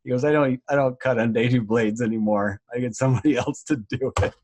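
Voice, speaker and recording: A man co-hosting a casual chat, relaxed and laughing often as he tells stories. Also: mid-range voice, quick pace. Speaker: podcast co-host.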